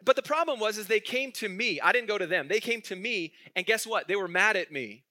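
A man's voice: high-pitched, lively intonation, a little fast, sharp tone, no room sound, studio quality. A male pastor preaching a sermon in a conversational way, asking the congregation questions and chuckling through his stories.

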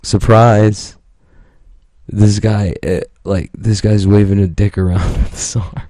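A man's voice: fairly low pitch, steady tone, takes it slowly, warm tone, no echo, clean studio sound. A man telling a story in casual podcast chat, rambling, profane and joking.

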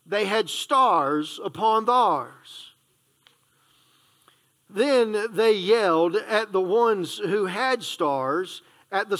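A man's voice: high-pitched, fairly bright tone. A man, a church pastor, reading a children's storybook aloud in a playful way, stumbling and correcting himself and adding asides.

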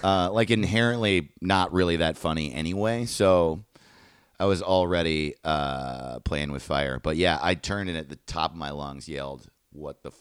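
A man from New York, a comedian guest on a podcast, telling stories in an animated, swearing way with acted-out quotes. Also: deep voice, moderate pace, smooth, no room sound, studio quality. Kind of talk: podcast storytelling chat.

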